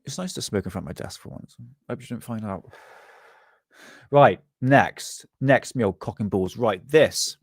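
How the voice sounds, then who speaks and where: A man's voice: fairly low pitch, moderate pace, no echo, clean studio sound. A man hosting a live stream from his desk, casually chatting, joking, rambling and laughing often.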